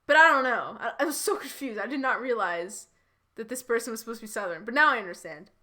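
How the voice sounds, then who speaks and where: A woman's voice: fairly high pitch, expressive, fast talker, sharp tone. A woman streamer reading fanfiction aloud live and chatting through it, laughing and stumbling over restarts.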